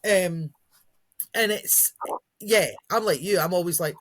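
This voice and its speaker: Fairly low and a little slow, a woman's voice carries a chatty podcast conversation where she, a dog trainer and co-host, acts out the words of dogs and children.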